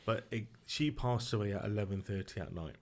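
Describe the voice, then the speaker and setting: A middle-aged man, a podcast guest telling a personal story in a subdued, halting, emotional way with restarts. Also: on the low side, darkish tone.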